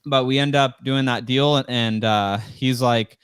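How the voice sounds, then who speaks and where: Smooth-voiced young man telling a story. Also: medium pitch, steady tone, unhurried, no echo. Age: 20s. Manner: rambling, heavy use of "like" and "you know"; acts out quoted dialogue in a raised voice. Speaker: interview guest, real estate investor. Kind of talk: casual storytelling interview.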